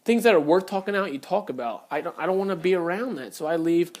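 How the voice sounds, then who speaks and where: A man's voice: high voice, fast talker. A man telling a personal story on camera in a blunt, profane, heated way. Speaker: vlogger. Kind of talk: casual storytelling rant.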